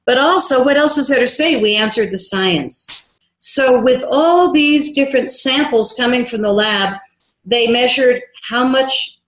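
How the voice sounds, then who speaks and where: A woman filmmaker, a guest on an interview show, telling a story in a lively way and acting out the dialogue she quotes. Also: high voice, measured pace. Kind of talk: animated anecdotal storytelling. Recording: roomy echo.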